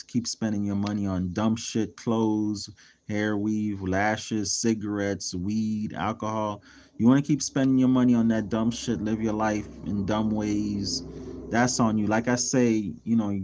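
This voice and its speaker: On a livestream, a real estate mentor talks casually in a lowish, slightly mellow voice. He's blunt and swears heavily, flaring in bursts into heated rants.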